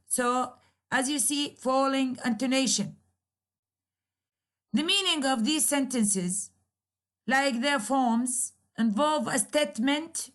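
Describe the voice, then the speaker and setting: A woman lecturer explaining English grammar slowly, repeating key points and modeling example sentences. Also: high-pitched, fairly bright tone. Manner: slow, repetitive explaining with examples.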